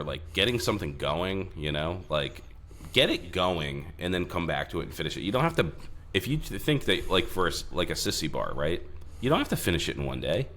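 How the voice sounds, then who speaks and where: A man's voice: sits low, fairly bright tone, slight background noise. A man co-hosting a podcast, talking in a laid-back, profane, casual way about building motorcycles. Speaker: podcast co-host. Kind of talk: casual chat.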